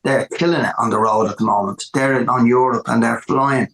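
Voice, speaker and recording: A man with an Irish accent, a musician telling stories in a casual interview, animated and repeating words for emphasis. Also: mid-range voice, brisk, gravelly, reverberant. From Ireland. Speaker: musician guest.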